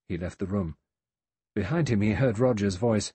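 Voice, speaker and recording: A man narrating a mystery audiobook in a measured, dramatic reading. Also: on the low side, warm tone, breathy edge, dry recording.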